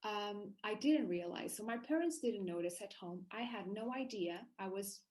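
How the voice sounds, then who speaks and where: A woman guest in a casual interview, recounting her own story in an animated way, often restarting her sentences. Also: mid-range voice, moderate pace, low-quality recording.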